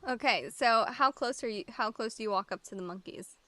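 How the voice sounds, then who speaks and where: A young woman running a tabletop game as dungeon master, playful and quick with her questions, laughing often. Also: a little high, sharp tone, no echo.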